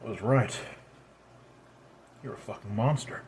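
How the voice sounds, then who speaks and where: An actor playing a weary male detective who talks in a gruff, blunt way and swears. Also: on the low side, measured pace, a little mellow, full character voice.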